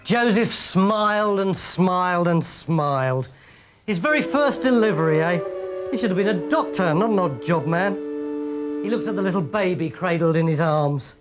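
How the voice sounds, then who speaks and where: A man telling a comic story dramatically and theatrically, often shifting his volume, over music. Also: high voice.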